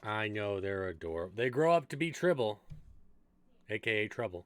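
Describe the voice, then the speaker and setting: A young man streaming, chatting casually with viewers in a relaxed, rambling way. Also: fairly low pitch, normal speed.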